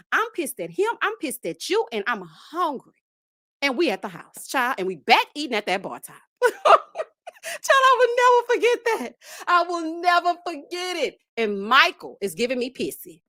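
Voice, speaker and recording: A woman's voice: fairly high pitch, a bit bright, no room sound, studio quality. A woman, chatting casually and animatedly as host of a reality-TV recap, laughing often and calling listeners child and honey. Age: 30s.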